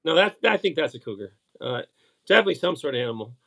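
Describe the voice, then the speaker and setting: A middle-aged man, chatting casually as co-host, halting with many fillers and restarts. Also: on the high side, very animated, vocal fry, a bit bright. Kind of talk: casual chat.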